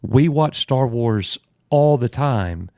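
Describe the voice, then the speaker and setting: A man's voice: medium pitch, expressive, slow pace, dark tone, dry recording, clean studio sound. A man co-hosting a casual live stream, telling friendly stories and thanking viewers by name. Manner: friendly, storytelling, addresses chat by name. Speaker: co-host.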